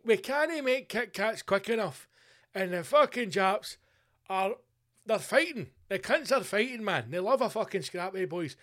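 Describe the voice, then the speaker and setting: A man's voice: high-pitched, lively intonation, unhurried, a bit bright, pitched above the performer's own voice. A Scottish man voicing a brash male company boss giving his team a sweary pep talk. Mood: hyped.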